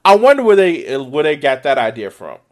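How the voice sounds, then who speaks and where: A man giving casual, profane reaction commentary on a video, excitable and laughing often. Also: a little high, a little fast.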